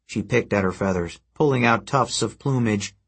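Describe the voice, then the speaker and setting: A man narrating a fantasy adventure story in a steady, even storytelling manner. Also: lowish voice, normal speed, breathy edge. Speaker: audiobook narrator. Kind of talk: scripted narration.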